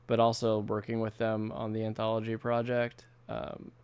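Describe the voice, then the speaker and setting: A man's voice: lowish voice, monotone, normal speed, a little mellow, smooth. A man in his thirties from the United States, chatting casually with viewers while drawing on a livestream, rambling and laughing often. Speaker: artist streamer. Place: home studio at night.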